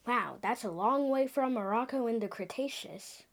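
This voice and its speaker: A woman hosting a playful pretend time-travel dinosaur show, animated, with sound effects and sudden hushed whispers. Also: fairly high pitch, moderate pace.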